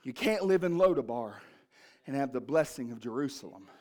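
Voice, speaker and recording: A male pastor preaching in church, moving from shouted fervor to quiet, low storytelling. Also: expressive, fairly quick. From Ohio, USA. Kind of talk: sermon. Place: church sanctuary.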